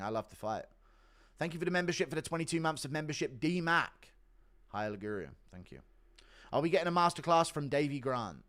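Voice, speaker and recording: A man's voice: mid-range voice, lively intonation, fairly quick, fairly bright tone. A man hosting a casual livestream who reads out donations and answers questions in a blunt, profane, offhand way. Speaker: livestream host.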